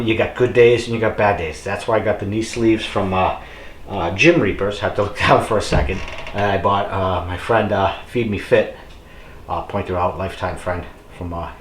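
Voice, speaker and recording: Chatty middle-aged man, low voice, roomy echo. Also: moderate pace, slight background noise. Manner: chatty and rambling, with many fillers; encouraging, addresses viewers as folks. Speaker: fitness vlogger. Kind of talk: casual motivational talk to camera.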